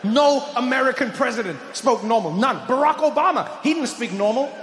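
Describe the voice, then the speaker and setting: A man performing a stand-up comedy set, animated, hammering home repeated punchlines. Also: very high voice, a little fast, slight background noise. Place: live comedy venue. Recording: echoey live hall. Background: audience laughter.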